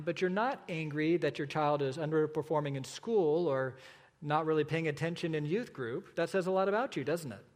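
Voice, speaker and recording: A man preaching a sermon as a pastor, earnest and emphatic, slowing down for repeated points. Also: on the high side, long reverb tail.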